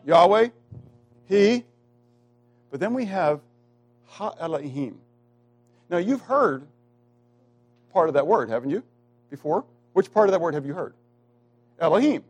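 A man preaching a sermon who keeps asking the congregation questions and waiting for their answers. He slows down to stress key words and moves between loud, emphatic lines and quiet asides. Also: medium pitch.

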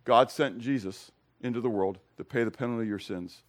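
A man preaches to his congregation a little fast, giving an expository sermon as their pastor. He keeps it conversational, questioning them directly and swinging between loud stresses and hushed, low asides.

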